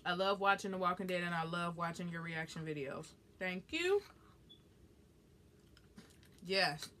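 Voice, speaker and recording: A woman's voice: fairly low pitch, measured pace, slight background noise. A young woman with a Southern US accent, chatting casually and bluntly while eating and reading viewer comments. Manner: blunt, profane, animated.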